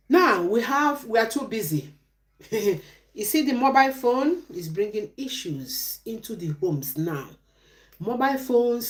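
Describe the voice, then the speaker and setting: A woman's voice: mid-range voice, darkish tone. A middle-aged woman, giving relationship advice on a live stream in a preachy way, asking questions and answering them herself.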